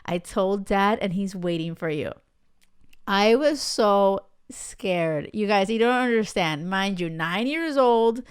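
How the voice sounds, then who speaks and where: A woman hosts a podcast, telling her own stories in a loose, chatty way and checking in with her listeners as she goes. Her voice is smooth and clear, sitting at a middling pitch. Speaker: podcast host. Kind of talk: casual storytelling monologue.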